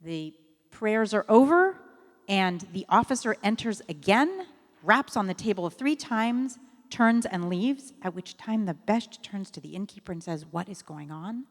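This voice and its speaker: A woman's voice: mid-range voice, sing-song, measured pace. A woman rabbi giving a sermon in a synagogue, telling a story in a conversational way with fillers and self-corrections. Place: synagogue sanctuary. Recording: long reverb of a sanctuary.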